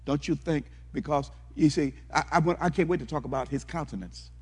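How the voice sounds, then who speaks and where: A man's voice: fairly high pitch, brisk, a little mellow, husky. A man preaching a fervent sermon, repeating himself and asking the congregation questions, then moving into prayer. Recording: long hall reverb.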